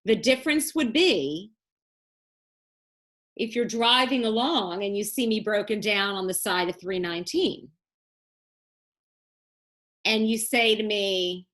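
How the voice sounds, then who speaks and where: In a recorded lecture, a woman teaches business law in a casual, colloquial style, lively and joking as she teases her students. Her mid-range voice moves slowly, with long pauses.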